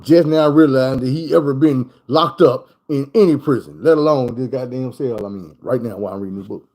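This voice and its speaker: A man's voice: mid-range voice, fairly quick, a little mellow, low-quality recording. A man from Arkansas with a Southern accent telling stories in a loose, profane, repetitive way in a casual monologue. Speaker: vlogger.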